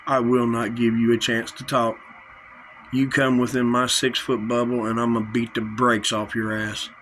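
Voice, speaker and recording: A man's voice: medium pitch, level tone, normal speed, fairly bright tone, a little hiss or hum, low-quality recording. A man delivering an angry, confrontational vlog rant, full of threats and repetition. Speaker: vlogger. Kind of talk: angry direct-to-camera rant.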